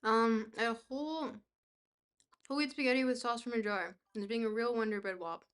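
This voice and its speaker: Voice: medium pitch, moderate pace, fairly bright tone, smooth. A young adult streamer in casual chat, reading messages aloud and answering them in a dry, joking, rambling way.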